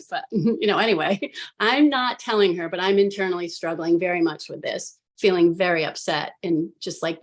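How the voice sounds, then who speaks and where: Animated woman retelling a story. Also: medium pitch, normal speed. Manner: animated, filler-heavy retelling with acted quotes of herself. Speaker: hypnosis practitioner recounting her own session. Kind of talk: casual storytelling on a live panel.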